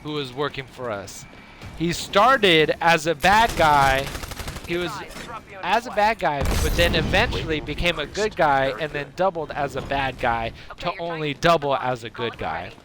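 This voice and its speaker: Man, gaming streamer, rambling made-up story, animated, slightly high voice, gunfire from the game behind. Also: unhurried, background noise. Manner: animated, jumps between voices and laughs.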